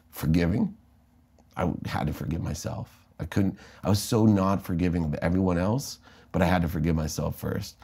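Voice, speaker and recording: Brief: middle-aged American male guest, low mellow voice, animated storyteller who acts out quotes. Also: creaky, breathy edge. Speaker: interview guest, entrepreneur. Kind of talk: candid storytelling in conversation.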